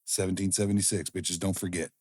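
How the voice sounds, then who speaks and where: A man's voice: sits low, flat delivery, quick pace, a little mellow, breathy edge. A man co-hosting a podcast in casual crude banter, swearing and cracking jokes, often breaking into laughter. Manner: profane, joking, breaks into laughter. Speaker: podcast co-host.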